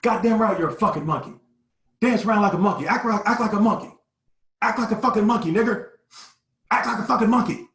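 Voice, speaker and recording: A man voicing an enraged adult man with a shotgun, yelling hostile, repetitive taunts. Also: high-pitched, fast talker, long pauses, reverberant, distant mic, voice pushed up. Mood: angry, taunting. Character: enraged armed adult male harasser shouting.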